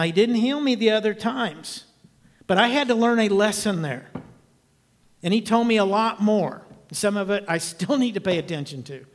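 A man's voice: high-pitched, long reverb tail. A man in his sixties preaching a sermon, telling a personal testimony in an earnest, emphatic storytelling way. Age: 60s. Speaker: evangelist.

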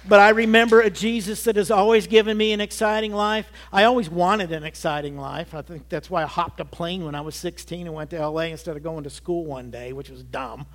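High-voiced man in his sixties preaching. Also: fairly even intonation, brisk, hardly any pauses. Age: 60s. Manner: earnest testimony, swelling emphatic peaks. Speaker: pastor. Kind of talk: sermon.

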